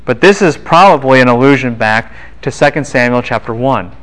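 Smooth-voiced man giving a lively lecture. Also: medium pitch, rough recording. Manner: lively, questions the class, quick asides. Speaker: Bible lecturer. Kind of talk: university lecture.

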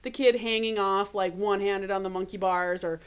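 A woman in her thirties with a Minnesota accent chats easily as a podcast co-host. She tells everyday stories in a lively, animated way, often laughing between lines. Her pitch sits in an ordinary middle range. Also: brisk, smooth. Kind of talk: casual chat.

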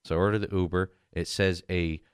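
A man's voice: deep voice, fairly even intonation, a little fast, smooth, no room sound, clean studio sound. A man casually telling a story to friends, rambling with fillers and acting out the people in it. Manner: laid-back, rambling with fillers, acts out quotes.

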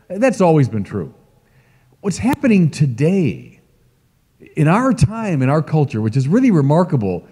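Middle-aged male bishop, mellow and fairly high voice, emphatic sermon delivery, long church reverb. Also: slightly rough. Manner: emphatic, lively preaching with asides to the congregation. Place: large church.

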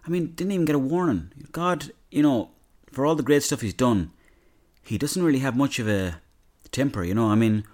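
A man reading a Bible story aloud and breaking off into casual, sweary, irreverent comic asides. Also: mid-range voice. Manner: casual, sweary, irreverent banter between read passages.

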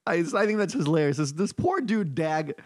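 A man's voice: fairly high pitch, sing-song, normal speed, no room sound. Give me a man telling a news story on a podcast, amused, dry close mic. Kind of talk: casual comedy podcast banter.

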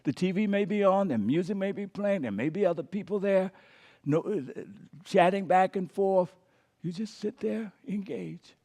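High-voiced preaching pastor. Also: male voice, moderate pace. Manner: emphatic, dropping to quiet whispers on key words; has the audience repeat after him. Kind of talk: sermon.

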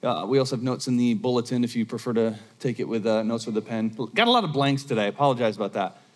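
A man's voice: mid-range voice, lively intonation, fast. A man preaching a sermon as pastor in a church, talking conversationally and often restarting his sentences. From United States. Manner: conversational, storytelling with frequent restarts. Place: church auditorium. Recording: long reverb of a church hall.

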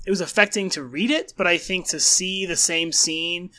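A man's voice: sits high, fairly even intonation, moderate pace, pushed and bright. A man co-hosting a casual book discussion podcast, speaking enthusiastically and searching for his words. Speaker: podcast co-host.

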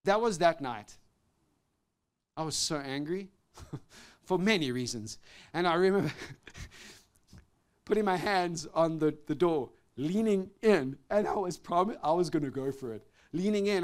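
A man preaching and telling a personal testimony, shifting between loud outbursts and hushed, intimate tones. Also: on the high side, a little slow, long pauses. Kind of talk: sermon testimony.

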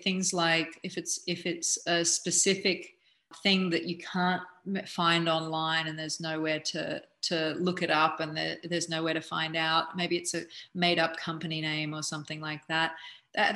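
A woman's voice: low-pitched, sharp tone. A woman giving casual, frank advice as an acting coach, chatty and often restarting her sentences.

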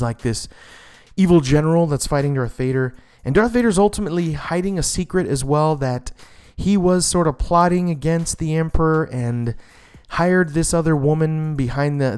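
Smooth-voiced man reviewing a comic. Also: on the high side, normal speed, a little mellow. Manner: enthusiastic, rambling with fillers and restarts.

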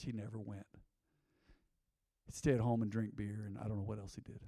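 A man's voice: fairly low pitch, little pitch movement, fairly quick, gravelly, long pauses, dark tone, no echo, studio quality, in a large hall. A man in his fifties preaching a sermon in a church, conversational, calling on the congregation to repeat phrases back to him. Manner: call-and-response, conversational, asks congregation to repeat. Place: church sanctuary.

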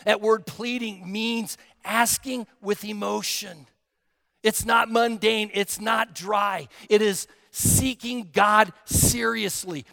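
A male pastor preaching a sermon, emphatic and dramatic, dropping to a hush and then rising to a shout. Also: sits high, steady tone, slow pace, creaky, in a large hall. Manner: emphatic, swinging from hushed to shouting.

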